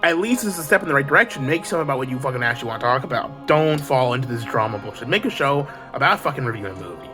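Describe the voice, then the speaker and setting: A man's voice: mid-range voice, animated, rapid-fire, few pauses, over music. A man delivering a heated, preachy monologue as a video creator, swearing constantly. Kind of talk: profane ranting monologue.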